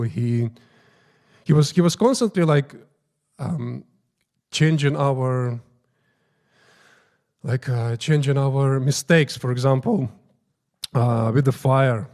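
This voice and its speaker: A man of middle pitch, a temple priest speaking to a prayer gathering. He tells anecdotes informally, with halting restarts. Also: mellow. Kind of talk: storytelling talk at morning prayers.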